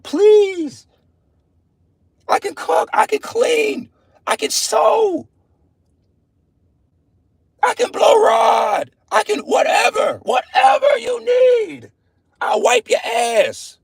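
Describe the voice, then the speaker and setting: Man putting on a desperate pleading woman, very high and shouted, wailing. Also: expressive, extremely slow, gravelly, long pauses, no room sound, studio quality, exaggerated voice. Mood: begging. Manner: shrill, wailing pleas.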